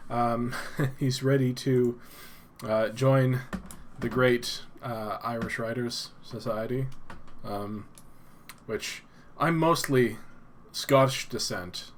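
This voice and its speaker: A man's voice: mid-range voice, fairly bright tone, slight background noise. A man hosting a casual evening livestream from home, rambling along and greeting viewers as they arrive. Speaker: livestream host. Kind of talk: casual solo livestream chat.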